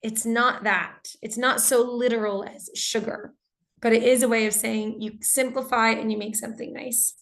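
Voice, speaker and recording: Female teacher on a video call, slightly high voice, gives feedback on student answers. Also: flat delivery, moderate pace. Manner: reads student answers aloud and comments warmly on them. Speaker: English teacher. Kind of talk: online class teaching.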